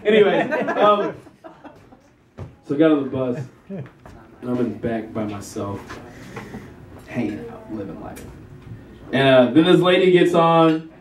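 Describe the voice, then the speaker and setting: A man's voice: medium pitch, sing-song, a little slow, long pauses, a crowd in the background. A young man doing a live stand-up set in a small café, self-deprecating and chuckling through his own lines. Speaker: stand-up comedian. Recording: echoey room, distant mic.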